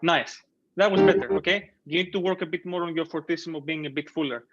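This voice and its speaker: A fairly high-voiced man coaches a piano student over a video call, gentle and encouraging, humming melodies and counting beats aloud. The sound is muffled and lo-fi, with piano clearly heard behind him. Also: fast. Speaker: piano teacher. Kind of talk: online masterclass coaching.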